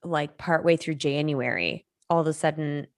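A woman's voice: deep voice, moderate pace, dry recording, studio quality. A middle-aged woman, a nutrition coach, co-hosting a podcast and telling a story in a chatty way with many fillers. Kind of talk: casual chat.

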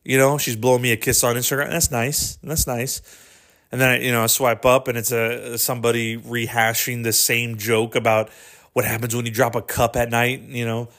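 A man hosting a podcast, ranting casually with constant swearing and a steady stream of "dude". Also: medium pitch, moderate pace. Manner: profane, animated, keeps saying "dude". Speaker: podcast host. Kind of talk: casual monologue rant.

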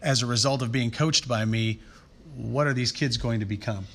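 A man's voice: medium pitch, steady tone, normal speed, fairly bright tone. A man interviewing a coach, asking long rambling questions full of hedges and fillers. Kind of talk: conversational interview.

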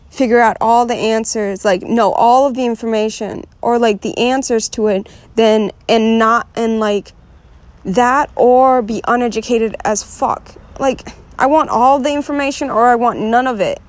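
A woman's voice: fairly high pitch, measured pace, no room sound. A young woman venting frankly in a rambling, unscripted monologue, swearing freely and full of filler words. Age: young adult. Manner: frustrated and restless. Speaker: vlogger.

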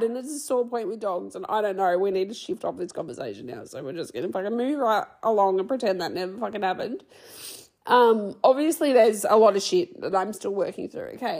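A woman in her young adult years hosts her podcast in a loose, rambling chat, dropping swear words and making fun of herself. Her voice has a gravelly, creaky edge and a husky, slightly raspy texture. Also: medium pitch, animated, a little fast, a little mellow. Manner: rambling, swears freely, self-deprecating. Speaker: podcast host. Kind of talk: casual solo podcast chat.

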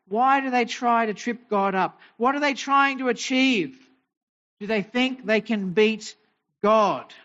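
A man's voice: high voice, a bit bright, lo-fi sound. A man preaching a sermon as pastor, posing rhetorical questions and telling homely family stories. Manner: asks many rhetorical questions; tells homely family anecdotes.

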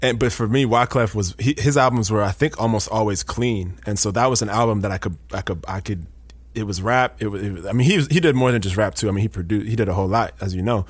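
A man's voice: fairly low pitch, fast talker, breathy edge, dry recording. A man chatting casually, telling rambling, facetious stories full of restarts. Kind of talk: casual chat.

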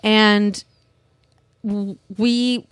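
On a podcast, a young woman tells a personal story in a loose, rambling, emotional way, dropping "like" into nearly every sentence. Her voice is mid-pitched for a woman, with little pitch movement and a very slow pace. The recording is close, dry, and clean, with almost no room sound and no echo.

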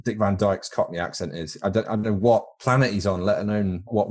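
A man's voice: lowish voice, brisk, darkish tone. A man from Britain co-hosting a podcast in casual chat, rambling into crude comic tangents. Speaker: podcast co-host.

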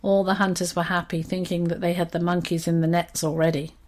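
A woman with a fairly low voice reads a children's story aloud. She tells it expressively and steadily, in an even, unhurried way.

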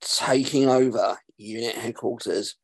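A man, hosting a podcast and recapping an episode in a casual, sarcastic way, swearing freely and filling pauses with um. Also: medium pitch, steady tone, slightly rough, no echo. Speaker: podcast host.

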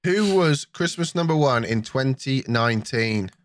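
A man's voice: medium pitch, expressive, unhurried, no room sound. A man hosting a casual Christmas quiz among friends, teasing and laughing between questions. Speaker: quiz host.

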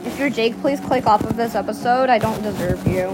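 A woman's voice: on the high side, fairly quick, loud music behind the voice. A woman in her twenties hosting a casual podcast while gaming, teasing and giggly, now and then bursting into song. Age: 20s. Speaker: podcast host.

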